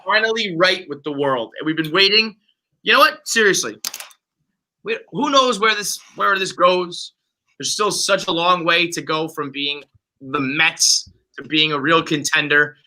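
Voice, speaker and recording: A man hosting a casual sports podcast, ranting profanely as an excited fan. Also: a little high, unhurried, rough recording. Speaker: podcast host.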